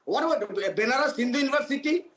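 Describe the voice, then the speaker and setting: A man's voice: very high-pitched, fast talker, fairly bright tone, echoey room, rough recording. A man arguing combatively in a heated TV debate, stumbling and restarting as he accuses his opponents. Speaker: political party spokesperson.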